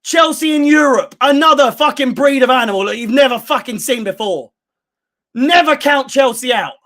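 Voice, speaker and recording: A man's voice: very high voice, lively intonation, moderate pace, a bit bright. A man hosting a live fan watchalong, calling the play-by-play and swearing freely as he reacts. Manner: play-by-play calls mixed with heavy swearing. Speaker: fan channel host. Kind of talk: live match watchalong commentary.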